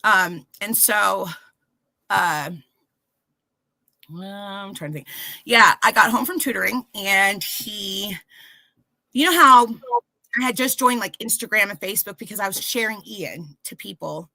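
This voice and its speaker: Podcast guest, woman, 30s, candid storyteller, bright clear voice, mimics quoted people. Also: mid-range voice, unhurried, long pauses, no echo, poor audio. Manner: animated, acts out quoted voices.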